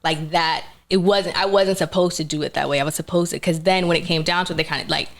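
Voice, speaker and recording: A young actress telling a story in a casual interview, animated and laughing, acting out what others said. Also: female voice, low voice, fast talker, creaky. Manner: animated, laughing storyteller who acts out quotes. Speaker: actress guest.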